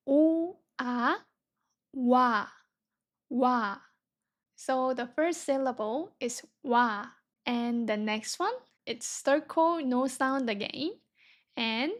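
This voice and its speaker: Slow, high-voiced woman teaching beginners. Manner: patient, sounds words out syllable by syllable. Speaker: Korean language teacher. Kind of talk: slow beginner reading lesson.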